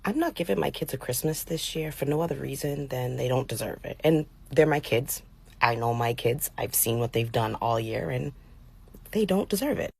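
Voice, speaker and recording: A mother speaking to camera in a firm, matter-of-fact way, with a gravelly, raspy voice. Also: extremely low pitch, lively intonation, moderate pace, darkish tone. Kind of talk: casual rant to camera.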